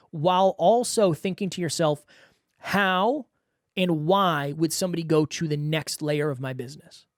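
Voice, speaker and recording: A man's voice: on the high side, no echo, clean studio sound. A man hosting a solo podcast, talking straight to the listener in an earnest, coaching way.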